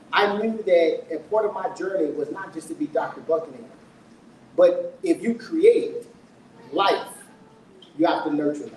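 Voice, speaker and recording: A man's voice: on the high side, darkish tone. Earnest man telling his story in an echoey room. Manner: earnest, emotional, asks the audience questions. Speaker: author speaking at his book launch. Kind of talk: personal storytelling talk to an audience. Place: event room with an audience. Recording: echoey room, voice from a distance, faint noise.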